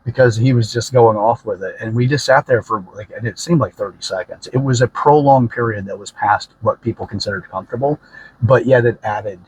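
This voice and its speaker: A man's voice: mid-range voice, fairly quick, husky, rough recording. A man hosting a podcast, telling a story casually, rambling and correcting himself with many fillers. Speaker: podcast host.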